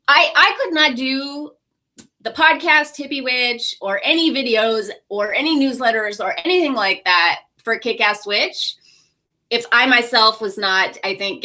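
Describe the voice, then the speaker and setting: A woman from California talking casually to camera in a vlog, candid and quick to laugh, often correcting herself as she goes. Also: on the high side, bright, forceful tone. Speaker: vlogger and podcast host.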